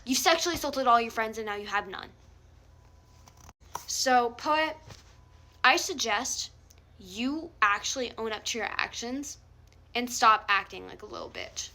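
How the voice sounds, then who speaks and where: High bright voice, an angry young woman ranting. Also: unhurried, pauses often, a little hiss or hum. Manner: confrontational, heated, swears a lot. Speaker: vlogger calling someone out. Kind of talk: angry direct-to-camera rant.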